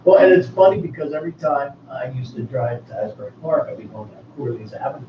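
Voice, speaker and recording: A man's voice: mid-range voice, expressive, fast. A man hosting a radio show, chatting casually in a rambling, jokey way. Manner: rambling and jokey, restarts often. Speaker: radio host. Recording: echoey, distant, dull, noisy room.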